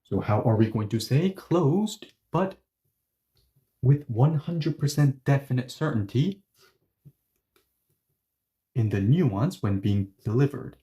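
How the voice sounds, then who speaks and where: Mellow-voiced man teaching a lesson. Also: mid-range voice, lively intonation, takes it slowly, long pauses. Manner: emphatic, repetitive, drills example phrases. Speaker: Korean language teacher. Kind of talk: explanatory online lesson.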